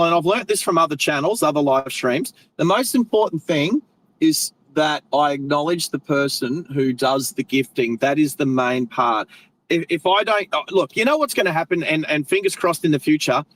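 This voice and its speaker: An Australian man hosts a live stream while driving, chatting casually and rambling, correcting himself mid-sentence and using friendly slang. His voice is fairly high-pitched, and the audio is poor.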